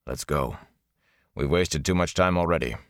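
A man reading an audiobook, voicing a gruff older male gleeman with a low, hoarse growl. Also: normal speed, a bit bright, no room sound, clean studio sound. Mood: gruff urgent. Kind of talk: audiobook character voice.

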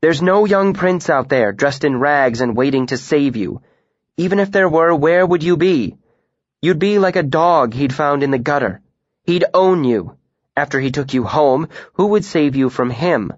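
A man voicing a worldly, sharp-tongued young woman in an audiobook, blunt and wry, gentle one moment and scathing the next. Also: medium pitch, normal speed, no room sound, lightly acted. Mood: venomous. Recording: dull lo-fi dry recording.

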